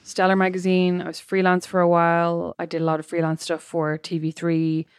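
A chatty Irish woman on a podcast, racing through her stories at a quick clip. Her voice sits fairly low, and the recording is dry and close, with no room sound. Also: completely flat delivery, clean tone, no room sound. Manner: chatty, rambling anecdotal storytelling. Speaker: podcast co-host. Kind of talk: casual chat.

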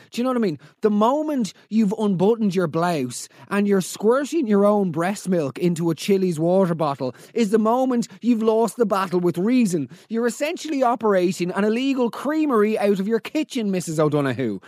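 Guy hosting a comedy podcast, sarcastic and disbelieving, higher voice, dry close sound. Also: animated, brisk, hardly any pauses, a little mellow, dry recording. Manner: sarcastic, incredulous, acts out little scenes. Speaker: podcast host. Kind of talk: comedic roast commentary.

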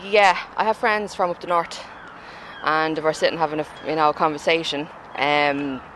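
A woman's voice: low voice, fairly even intonation, normal speed, background noise. A woman with a Dublin accent, chatting in a street interview and laughing often. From Ireland.

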